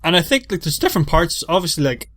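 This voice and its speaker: A man's voice: a little high, sing-song, quick pace, fairly bright tone, no room sound. Chatty Irish man saying "like" constantly. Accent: Northern Irish, County Monaghan. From Ireland. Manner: rambling, fills nearly every phrase with "like". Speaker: podcast co-host. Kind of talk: casual chat.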